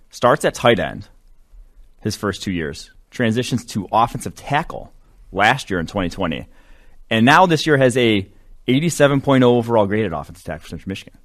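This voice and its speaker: A man's voice: lowish voice, very animated, moderate pace. A man co-hosting a sports podcast, talking loosely and rambling with lots of fillers. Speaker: podcast co-host, draft analyst. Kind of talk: casual sports podcast chat.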